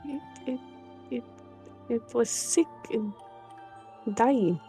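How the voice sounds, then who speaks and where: A woman's voice: on the high side, expressive, mellow, soft background music. A woman voicing an emotional male lizard warrior who sobs and stammers through his words. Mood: shaken. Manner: sobbing, halting, stammering.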